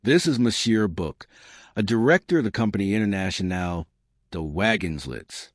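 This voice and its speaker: A man voicing a fastidious middle-aged detective who questions in a dry, formal way. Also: on the low side, animated, dry recording.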